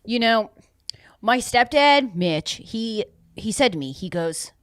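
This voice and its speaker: A woman's voice: fairly high pitch, expressive, takes it slowly, no echo, studio quality. A woman playing a brash, blunt twelve-year-old boy who rambles through cheeky stories on an improvised comedy podcast. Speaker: podcast host in character.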